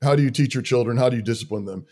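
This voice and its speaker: A man's voice: medium pitch, rapid-fire, dark tone. A man who leads a church, talking through practical Christian living in an earnest, rhythmic way, often stacking short commands in lists. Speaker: church leader. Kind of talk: conversational interview talk.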